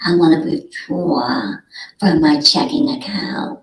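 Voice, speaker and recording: A woman's voice: medium pitch, measured pace. A woman podcast host telling a sassy, dramatic story, acting out both sides with big swings in her voice. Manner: sassy, dramatic, addresses listeners as honey and sweet babies. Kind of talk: animated storytelling. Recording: roomy echo.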